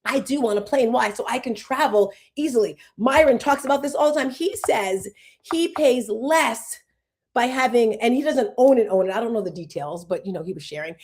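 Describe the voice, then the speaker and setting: Fiftyish lady host, kinda high voice, heartfelt rambly chat, bit teary. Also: lively intonation, darkish tone. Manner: emotional, rambling, fast tangents. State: tearful. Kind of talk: casual heartfelt talk.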